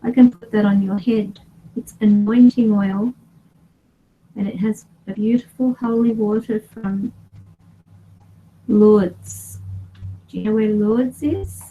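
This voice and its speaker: A woman's voice: medium pitch, steady tone, takes it slowly, long pauses, narrow, tinny audio, slight background noise. A woman running a paranormal session for her vlog, firmly questioning and ordering unseen spirits. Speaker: paranormal investigator.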